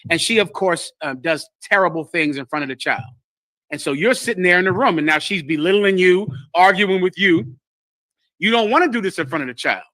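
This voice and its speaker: A man's voice: sits high, lively intonation, a little fast, sharp tone, no echo. A man teaching scripture to a group, lecturing emphatically and acting out the voices he quotes. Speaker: religious teacher.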